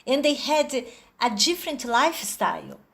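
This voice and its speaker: A woman's voice: high voice, sing-song, creaky, a bit bright. A woman with a Brazilian accent telling a story over a video call, hesitant and full of little fillers. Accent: Brazilian Portuguese. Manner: slow, hesitant, with many fillers.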